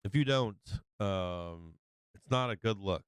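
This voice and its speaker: A man runs a live stock-market stream, excitable and foul-mouthed, saying the same point over and over. His voice is very clean and crisp. The recording is dry and close, with no room sound. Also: sits low, slow, no room sound, low-quality recording. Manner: excitable, profane, repeats himself. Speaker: livestream market commentator. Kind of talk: casual live trading commentary.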